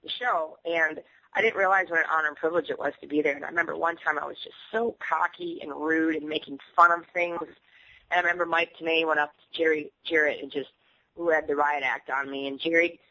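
A woman being interviewed candidly shares stories with animation and frequent laughter, speaking low-pitched and fairly quickly. The sound comes through muffled, resembling radio audio.

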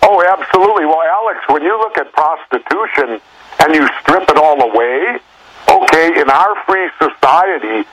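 A plain-spoken man making his case as a guest on a political talk show. His voice sits somewhat high for a man, and the sound has a broadcast radio quality. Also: bright, forceful tone, low-quality recording. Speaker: guest, former governor.

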